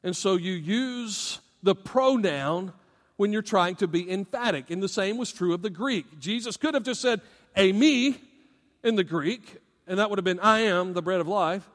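Male pastor, high voice, emphatic animated preaching, long hall echo. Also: normal speed. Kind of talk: sermon.

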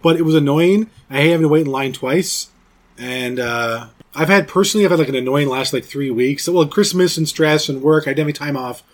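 Forties guy hosting a podcast, bit higher voice, rambly and jokey, swears some. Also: fairly quick. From Canada. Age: 40s. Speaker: podcast host. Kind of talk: casual chat.

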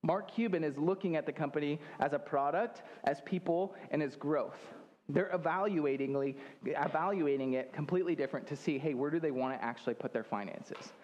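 A man's voice: a little high, a little fast, darkish tone, dull audio. A young man preaching a sermon in a church, in a loose and joking way, with many fillers and restarts. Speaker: pastor.

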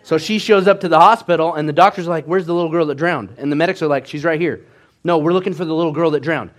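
A man preaching a sermon as pastor, telling stories with animated swings between hushed and loud delivery. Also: a little high, fast talker.

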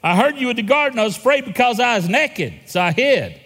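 A man's voice: very high voice, animated, a little fast, a bit bright, in a large hall, voice pushed up, heavily acted. A man voicing a frightened, guilty first man who pleads and makes excuses. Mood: whiny.

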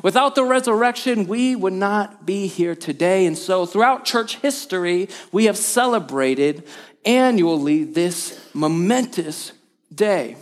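Male pastor, bright high voice, emphatic energetic sermon in a church hall. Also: unhurried. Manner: energetic, emphatic repetition, call and response. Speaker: lead pastor.

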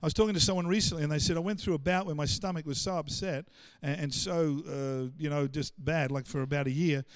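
A man with an Australian accent preaching a sermon, animated and full of stammered restarts as he acts out the voices of the people he quotes. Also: a little high, dry recording. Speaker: pastor.

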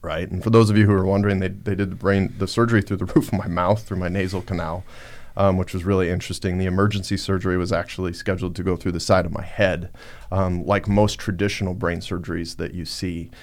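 A man on a podcast, recounting a personal story in a halting, reflective way with many fillers. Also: low-pitched, level tone. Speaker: podcast guest. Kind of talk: casual storytelling.

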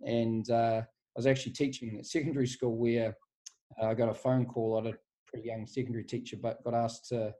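A New Zealand strength and conditioning coach in his forties joins a casual podcast interview over a remote call from his office. His warm, mellow, mid-range voice runs a little fast as he recounts his career in a laid-back, rambling way, saying "mate" in nearly every sentence.

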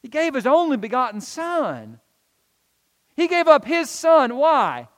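A man's voice: extremely high pitch, sing-song, measured pace, in a large hall. A male pastor preaching a sermon in an earnest, emphatic way, repeating key phrases.

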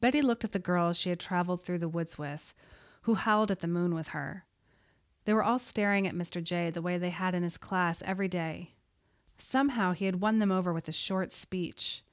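A woman reading a story aloud in a steady, suspenseful voice. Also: fairly low pitch, moderate pace, no room sound, clean studio sound. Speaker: audiobook narrator. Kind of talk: scripted narration.

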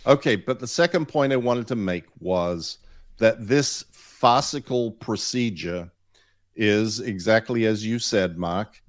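A man hosting a casual podcast conversation, explaining his points in a steady, deliberate way. His voice is fairly low and sits close and dry on the microphone. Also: no echo. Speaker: podcast host. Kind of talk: casual chat.

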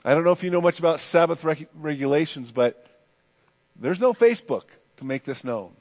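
A man preaching a sermon as pastor, expressive and lively, acting out the quoted voices. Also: a little high, fairly quick, big-room sound.

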